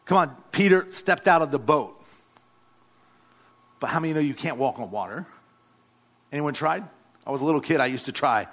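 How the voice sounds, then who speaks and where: A man's voice: sits high, expressive, normal speed, long pauses, fairly bright tone. A male pastor, preaching a sermon and calling out to the congregation. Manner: exhorting, calls out to the congregation.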